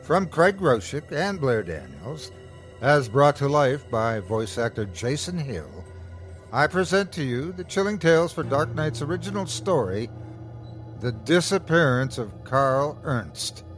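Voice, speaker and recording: A man's voice: medium pitch, sing-song, unhurried, soft background music. A man hosting a horror story show, introducing the next tale in a theatrical, announcer-like way. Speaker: podcast host.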